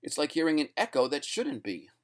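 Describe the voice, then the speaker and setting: A man's voice: a little high, sing-song, brisk, pitched above the performer's own voice. A man voicing a frightened male ventriloquist who pleads in a strained voice that climbs toward screams. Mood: tense.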